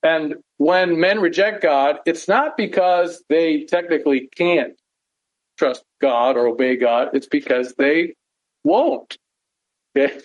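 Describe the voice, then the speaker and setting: A man's voice: a little high, measured pace, highs cut off. A man preaching a conversational sermon, earnest, often asking rhetorical questions and checking in with "right?". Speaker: pastor teaching a Bible study.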